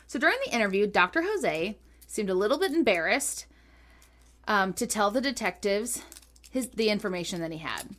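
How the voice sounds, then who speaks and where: A woman co-hosting a podcast, telling a true-crime ghost story in a giggly, animated, chatty way. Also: mid-range voice, moderate pace. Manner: giggly, animated, lots of laughter. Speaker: podcast co-host. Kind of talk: casual chat, storytelling.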